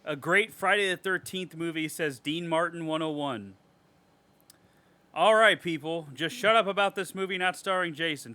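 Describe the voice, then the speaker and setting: A man co-hosting a horror podcast, reading reviews aloud with animated, sarcastic commentary and frequent swearing. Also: a little high. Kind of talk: casual podcast chat.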